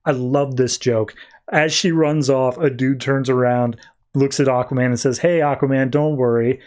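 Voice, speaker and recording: A man's voice: medium pitch, little pitch movement, normal speed, darkish tone. A man hosting a podcast, casually recapping a comic book in a rambling, filler-heavy way. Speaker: podcast host.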